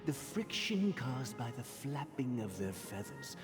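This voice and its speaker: A creepy whispering old storyteller. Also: male voice, medium pitch, sing-song. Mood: sinister. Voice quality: whispery, sinister. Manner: slow, patronizing storytelling. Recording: game audio with loud music and long reverb.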